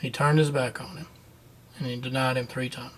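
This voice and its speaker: A man's voice: mid-range voice, flat delivery, moderate pace, slight background noise. A man teaching a children's Bible lesson, retelling the story in a folksy, conversational way.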